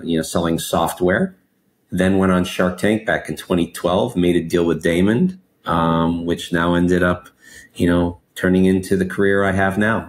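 A man in his forties, born in Mexico and raised in Los Angeles, telling his life story as an interview guest in an expressive, animated way, peppered with "you know". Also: sits low. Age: 40s. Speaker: guest entrepreneur.

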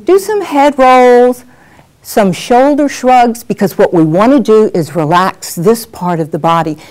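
A middle-aged woman teaching a workshop on presenting on camera, animated and acting out examples as she talks. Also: fairly high pitch, unhurried. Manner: lively, animated, acts out examples. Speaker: on-camera skills coach. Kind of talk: workshop lesson.

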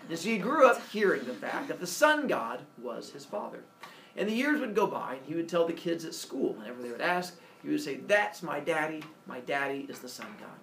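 A man telling a story to listeners in a lively, jokey way. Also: a little high, fairly quick, gravelly. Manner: animated, jokey retelling of myth. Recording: echoey room, distant mic, faint hiss.

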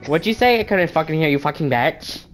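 A man's voice: on the high side, expressive, fairly quick, faint music behind. An American man taunting other players in profane gaming voice chat. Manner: taunting, swaggering. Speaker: gamer trash-talking in voice chat.

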